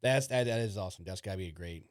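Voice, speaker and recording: A man hosting a podcast, asking relaxed questions in casual chat and giving short encouraging replies. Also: sits low, very fast, no echo, clean studio sound. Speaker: podcast host.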